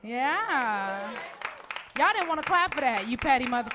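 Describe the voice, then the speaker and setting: A woman's voice: high voice, big pitch swings, unhurried, a crowd in the background, background noise. A woman doing a brash, sassy stand-up comedy set. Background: audience in a club.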